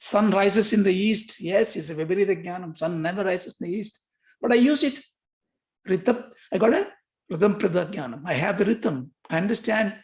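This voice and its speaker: An older man giving a lecture on yoga philosophy, lively and questioning, often repeating himself. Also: high-pitched.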